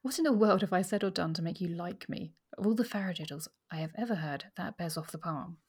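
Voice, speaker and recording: A woman reading as a sharp-tongued Regency lady. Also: on the low side, fast, breathy edge. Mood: tart. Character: spirited witty Regency lady. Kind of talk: reading a novel aloud.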